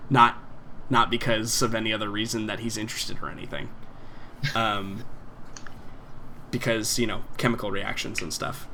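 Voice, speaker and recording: A man's voice: lowish voice, steady tone, normal speed, long pauses, bright, forceful tone, slight background noise. A man narrating as game master of a tabletop game, rambling with many fillers. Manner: rambling, full of fillers and laughs.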